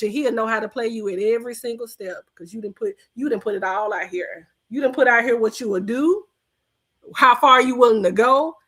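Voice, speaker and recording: A woman's voice: on the high side, fairly bright tone. A woman podcast host, delivering a blunt, profane, scolding rant in reaction commentary.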